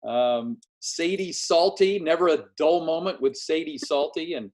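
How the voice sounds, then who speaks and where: A man hosting a casual interview over a video call, telling stories in an animated way and acting out what people said. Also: fairly high pitch, measured pace, few pauses. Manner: animated storyteller, acts out quotes. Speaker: podcast host and former game announcer.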